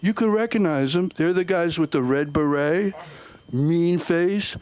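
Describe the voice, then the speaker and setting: A middle-aged man does stand-up at an open mic. His voice sits a little high, and he delivers his jokes deadpan, slipping into other voices for quoted lines. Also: unhurried, clean tone. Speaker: stand-up comic. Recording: comedy club, audience laughter.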